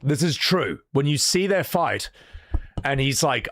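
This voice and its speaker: A man hosting a casual livestream, telling a story in an animated way with lots of fillers. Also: mid-range voice, measured pace, dry recording, clean studio sound. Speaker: show host.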